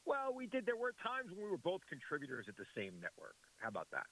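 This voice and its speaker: A man's voice: high-pitched, wildly swooping pitch, quick pace, sharp tone, low-quality recording. A man appearing as a guest commentator on a radio show, chatting in a friendly, earnest way. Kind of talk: casual radio chat.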